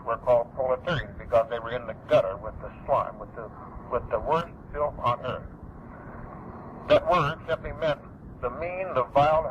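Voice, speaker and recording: A middle-aged man giving an emphatic, repetitive public lecture, preserved on an archival recording. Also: mid-range voice. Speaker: speaker. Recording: dull lo-fi archival recording with faint noise.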